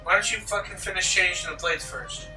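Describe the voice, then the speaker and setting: This young let's-play host has a high, sharp voice with lively intonation and a brisk pace. He rambles and cracks jokes with lots of swearing while gaming, recorded on a roomy, distant mic with game music in the background.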